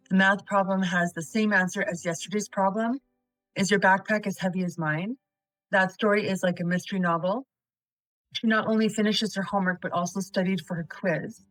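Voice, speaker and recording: A woman's voice: on the low side, dry recording, poor audio. A woman teaching a recorded video lesson on essay writing, methodically reading example sentences aloud and quizzing the viewer before giving the answers.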